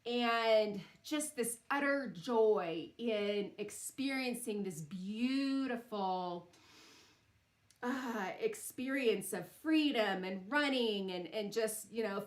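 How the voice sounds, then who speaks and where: A woman's voice: fairly high pitch, roomy sound. A woman hosting a sound bath ceremony, telling a personal story in a casual spiritual talk, often laughing and using fillers.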